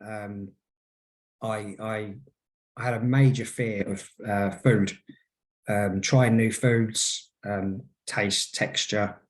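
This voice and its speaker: Speaking slowly with fairly even intonation and a fairly low pitch, a man in his forties shares stories as a podcast guest. He's a hypnotherapist, and his casual interview delivery is tentative, packed with ums and false starts.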